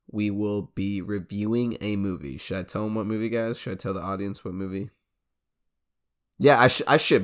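A man co-hosting a podcast in casual chat, laughing often and hyping up what comes next. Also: low voice. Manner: laughs often, hypes up segments. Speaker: podcast co-host.

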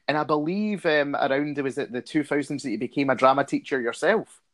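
A man's voice: on the high side, brisk, a bit bright. Encouraging male interviewer. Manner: encouraging, frequent short affirmations. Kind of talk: casual interview questions.

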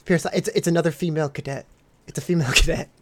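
A man's voice: a little high, very fast. Laughing, profane storyteller man. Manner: animated, profane, laughing often. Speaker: podcast host. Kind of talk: casual storytelling.

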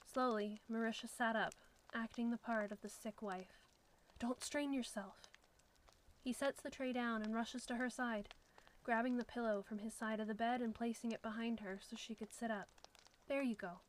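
A woman with a fairly high voice reads a suspenseful story aloud in a steady, scripted manner. Her pacing builds quiet tension. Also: normal speed, a little hiss or hum, low-quality recording. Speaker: narrator.

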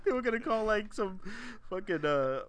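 A man chats casually on a podcast, spinning a funny story. His voice sits a little high and sounds bright and forward. He laughs often through his words and swears freely. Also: very animated, moderate pace. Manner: storytelling with frequent laughter and profanity. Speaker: podcast co-host. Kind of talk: casual chat.

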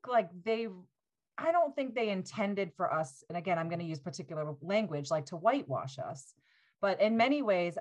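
A woman in her forties, a podcast guest, telling stories in casual talk, animated and laughing often, with many "like" fillers. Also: lowish voice. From United States.

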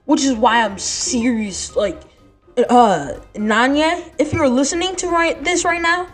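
A woman voicing a boastful, pompous boy podcaster who taunts his rivals in a brash, lively way. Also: sits high, unhurried, soft background music. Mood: mocking.

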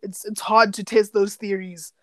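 A woman's voice: medium pitch, normal speed. A South African woman co-hosting a podcast, ranting bluntly and teasingly in a casual reality-TV recap chat. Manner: blunt, animated, teasing rants. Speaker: podcast co-host.

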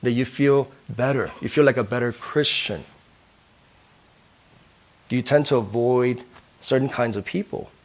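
A man's voice: medium pitch, measured pace, pauses often. A man preaching a sermon as a pastor, earnest, who keeps asking his listeners questions and ending points with "right?".

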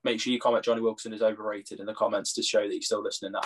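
A man's voice: lowish voice, flat delivery, racing, a little hiss or hum. A young English man co-hosting a casual sports podcast, joking and laughing often. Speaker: podcast co-host. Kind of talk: casual chat.

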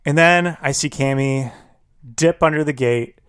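A man's voice: a little high, measured pace, fairly bright tone, smooth, no room sound, studio quality. A man co-hosting a podcast, telling a story in casual chat and acting out his own quotes. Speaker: podcast co-host.

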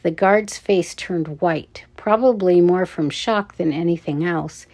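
A woman reading a children's adventure story aloud, with deliberate, measured narration. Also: on the low side, darkish tone.

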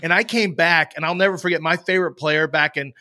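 A man hosting a casual chat, telling lively stories and acting out the people in them. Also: fairly high pitch, fast talker. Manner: animated storyteller, acts out quoted voices.

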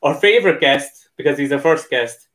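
A man's voice: on the high side, expressive, moderate pace, fairly bright tone, low-quality recording. A man hosting a podcast in easygoing casual chat, laughing easily. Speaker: podcast host.

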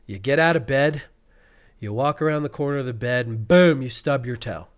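A man co-hosting a podcast, telling an animated story and acting out frustrated cursing. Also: medium pitch, normal speed, smooth. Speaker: podcast co-host. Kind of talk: casual podcast chat.

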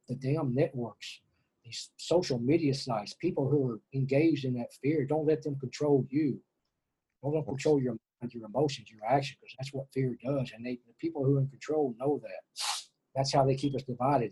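A middle-aged man from Texas speaks with heartfelt earnestness. His voice is mellow and warm, with a very smooth, clear resonance. He often stumbles over and repeats his words as he reaches for them. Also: mid-range voice, low-quality recording. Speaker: interview guest, former prisoner. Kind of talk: emotional spiritual monologue.

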